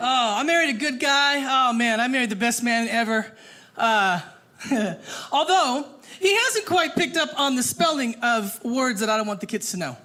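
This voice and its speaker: A woman performing a stand-up comedy set on stage, animated and acting out the people in her stories. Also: fairly high pitch, normal speed, some chatter behind. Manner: animated, acts out voices. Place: stage before a live audience. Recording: noisy live comedy room.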